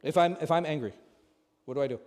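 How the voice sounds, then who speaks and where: A man's voice: fairly high pitch, fast talker, darkish tone. A man as an imam giving a conversational religious lesson, throwing rhetorical questions at his audience. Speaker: imam teaching a class. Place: large mosque hall. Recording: long hall reverb.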